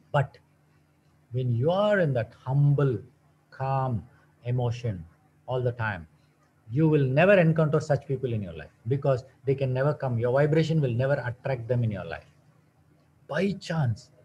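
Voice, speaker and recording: A man's voice: a little high, dark tone, a little hiss or hum, poor audio. A man giving a wellness talk as a naturopathic doctor, mixing teaching with a personal story and asking his listeners many rhetorical questions. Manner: asks rhetorical questions, repeats words for stress.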